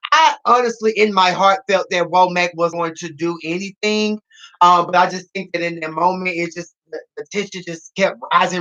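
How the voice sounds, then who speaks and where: A man's voice: sits high, bright, forceful tone, lo-fi sound. A man reviewing a reality show he is part of, in casual podcast talk, sassy and dramatic, repeating phrases for emphasis. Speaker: reality TV cast member reviewing his show.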